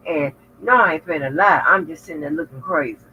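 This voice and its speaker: Sharp in tone and quick in pace, this woman's low voice comes through a lo-fi recording with faint noise. She's a vlogger casually chatting with viewers, swearing freely and telling stories in a loose, candid manner.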